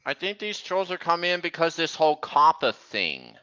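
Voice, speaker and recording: A male streamer chats casually on a livestream. His voice is bright and sits a little high, and he rambles with halting restarts. The audio is dull and lo-fi. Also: big pitch swings, clean tone. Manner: rambling, halting, corrects himself.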